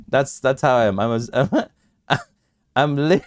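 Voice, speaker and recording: A man's voice: mid-range voice, moderate pace, long pauses, no room sound, clean studio sound. A man hosting a casual crypto livestream, bantering with his viewers, laughing often and restarting his sentences.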